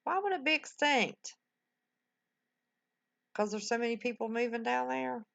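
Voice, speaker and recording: A woman's voice: a little high, animated, measured pace, gravelly, fairly bright tone. An older woman, chatting folksily with her livestream viewers, full of exclamations. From West Virginia. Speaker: livestream host. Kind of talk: casual chat with live viewers.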